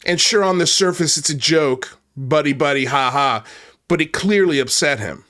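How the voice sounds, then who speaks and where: A man's voice: fairly high pitch, animated, moderate pace, bright, forceful tone. A man hosting an online commentary channel, ranting angrily with a lot of swearing and the odd repeated start. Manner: angry, profane, ranting; repeats himself and restarts when worked up. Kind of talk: heated online commentary rant.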